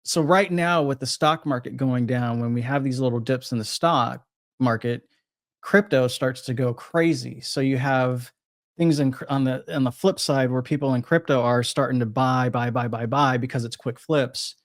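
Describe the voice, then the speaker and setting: A man's voice: mid-range voice, fairly even intonation, moderate pace, no room sound, clean studio sound. A man talking casually about crypto trading, rambling with frequent restarts and self-corrections. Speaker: crypto trader guest. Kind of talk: casual podcast chat.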